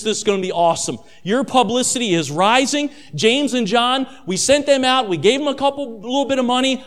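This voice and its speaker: An eager, pushy apostle, acted out by a man preaching pleads to hurry back to the waiting crowds. The voice sits high and talks fast and loud, in a rushed, excited rush of urging. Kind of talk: dramatized sermon retelling.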